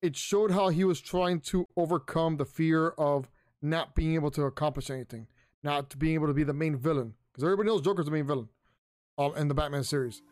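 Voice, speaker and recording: A man's voice: fairly high pitch, fairly quick, darkish tone, no room sound, clean studio sound. A man hosting his own pop culture show, talking casually and rambling through a review, with many ums and repeated words. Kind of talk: casual solo review talk. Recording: faint music underneath.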